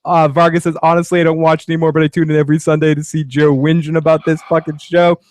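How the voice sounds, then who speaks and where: A man's voice: fairly high pitch, level tone, quick pace, no echo. A man hosting a casual live stream, laughing often and reading out viewer comments. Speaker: podcast host.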